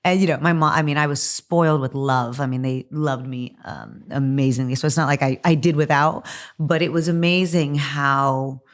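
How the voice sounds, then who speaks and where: A hoarse middle-aged woman talking candidly as an interview guest, chatty and full of likes and ums. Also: a bass voice, steady tone, moderate pace. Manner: chatty, frequent likes and ums, laughs often.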